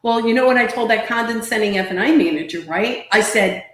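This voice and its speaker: A woman sales trainer with a somewhat high voice delivers an emphatic, motivational talk, often repeating her points. She speaks over a webcam stream. The room around her has a noticeable echo. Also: a little fast, hardly any pauses. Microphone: webcam or laptop mic on a live video stream. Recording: roomy echo.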